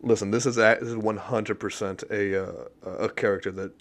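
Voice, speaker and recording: A man's voice: on the low side, steady tone, moderate pace. A young man, a podcast guest, chatting casually, joking and swearing in a laid-back way. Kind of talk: casual comedy podcast chat.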